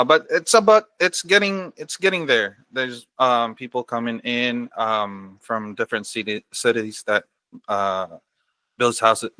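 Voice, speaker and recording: Man, from the east coast, radio show guest, casual chat, bright voice, dry sound. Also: medium pitch, clear, resonant tone, no room sound. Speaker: guest vlogger.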